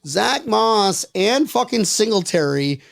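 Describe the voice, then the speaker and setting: Brief: brash podcast host, man, high gravelly voice, dry close sound. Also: sing-song, slow, no echo. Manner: brash, profane, loud joking. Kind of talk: casual sports podcast banter.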